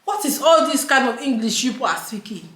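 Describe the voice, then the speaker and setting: A woman with a Nigerian accent tells her story straight to camera in a casual vlog, her voice sitting a little high. She talks freely, drops into pidgin and laughs through her complaints. The room around her rings with a noticeable echo. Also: animated, fairly quick, a bit bright. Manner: chatty, mixes in pidgin, laughs while ranting. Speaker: vlogger. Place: indoors at home, daylight.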